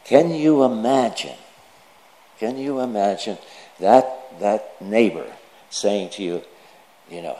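A man, a priest, reading the gospel and preaching a sermon in a measured storytelling manner. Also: lowish voice, mellow. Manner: slow, measured delivery with storytelling asides.

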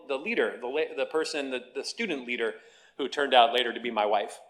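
A man's voice: mid-range voice, fast talker, a bit bright. A middle-aged man, a pastor, giving a sermon in a conversational storytelling way with self-deprecating humour.

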